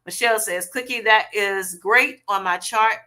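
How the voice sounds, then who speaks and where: A woman's voice: medium pitch, moderate pace, pushed and bright. A middle-aged woman hosting a casual livestream, reading viewer comments and answering in an affectionate, chatty way. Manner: chatty, affectionate, calls viewers honey and baby.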